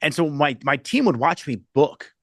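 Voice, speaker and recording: A man's voice: on the high side, expressive, normal speed, fairly bright tone, no echo, clean studio sound. A middle-aged man hosting a casual podcast chat, talking loosely with frequent restarts. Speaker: podcast host.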